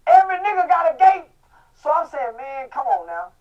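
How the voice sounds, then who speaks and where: A middle-aged man from Texas, talking loudly in a casual interview and breaking into shouts. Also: extremely high pitch, very animated, brisk. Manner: loud, profane, bursts into shouting. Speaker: guest. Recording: muffled audio from a distant mic.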